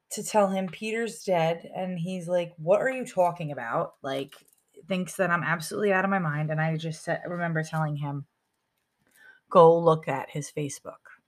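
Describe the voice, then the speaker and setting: A woman giving an emotional personal account to an interviewer, halting, with many fillers and restarts. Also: low-pitched, fairly bright tone. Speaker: interviewee, sister of a murder victim.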